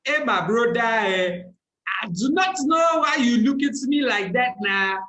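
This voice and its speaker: A man putting on a loud, bossy Nigerian man. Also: expressive, echoey room, dull audio, heavily acted. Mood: indignant. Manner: shouting, drawn-out, pitched high.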